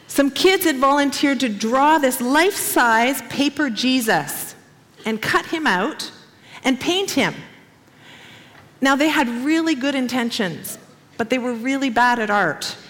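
High-voiced woman telling a sermon story. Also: long reverb tail. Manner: animated, expressive storytelling with acted quotes. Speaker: speaker, former missionary.

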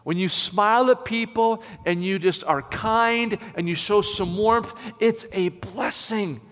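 A man preaching a sermon as a pastor, emphatic and slowing down to stress key phrases. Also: sits high, a bit bright. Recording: long hall reverb.

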